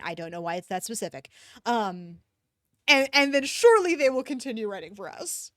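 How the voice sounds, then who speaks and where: A woman streamer reading fanfiction aloud, breaking off into animated, cursing asides. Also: on the high side, normal speed, dry recording, studio quality.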